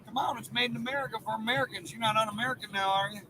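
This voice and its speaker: An actor playing a brash Southern man in a film, bluffing and flirting with a loud, drawling swagger. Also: sits high, racing, background noise. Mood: needling. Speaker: film character. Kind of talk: film dialogue.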